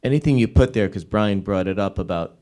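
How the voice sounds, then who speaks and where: A man's voice: fairly low pitch, a little fast, dark tone. A man chairing a town board meeting, thanking speakers with friendly, rambling asides. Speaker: board chair running public comment.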